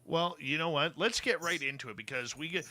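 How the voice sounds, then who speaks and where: A man's voice: a little high, fairly quick, sharp tone, no echo. A man hosting a casual radio interview, speaking in an effusive, emphatic way. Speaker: radio show host.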